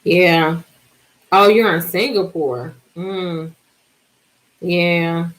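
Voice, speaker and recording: A woman's voice: on the low side, rough recording. Chatty woman in her forties. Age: 40s. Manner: animated, chatty storytelling with drawn-out words. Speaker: livestream host. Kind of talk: casual live-stream chat with viewers.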